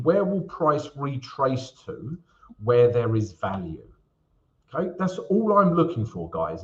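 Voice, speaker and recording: A man's voice: medium pitch, lo-fi sound. A man hosting a live stream Q&A, talking casually through chart analysis with frequent fillers and tag questions. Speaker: forex trading host.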